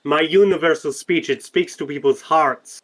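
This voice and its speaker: A man playing in a tabletop game, chatting casually with quick, joking banter. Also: fairly high pitch, a bit bright. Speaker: player.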